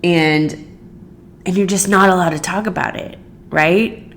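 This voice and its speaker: Low-voiced woman rambling earnestly. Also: steady tone, measured pace, a little hiss or hum. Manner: earnest, rambling, many "like" fillers. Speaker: podcast host. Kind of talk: casual solo podcast monologue.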